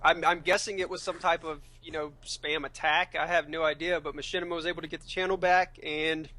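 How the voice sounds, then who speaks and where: A man's voice: fairly high pitch, level tone, a little fast, sharp tone. A man, a gaming commentator, chatting casually as a podcast guest, hesitant and eating while he talks.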